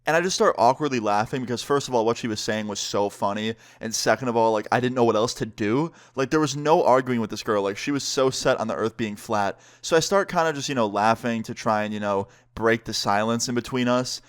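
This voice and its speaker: Young guy vlogger, mid-pitched, relaxed chatty storytime delivery. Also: a little fast, hardly any pauses. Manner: casual, animated storytelling with filler words. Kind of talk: storytime vlog.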